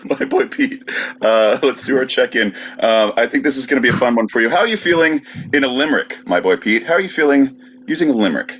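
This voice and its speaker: A man's voice: mid-range voice, lively intonation, fast, a bit bright, dull audio, a little hiss or hum. A man hosting a podcast, dryly reading the show intro and bantering with his co-host. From Brooklyn, New York.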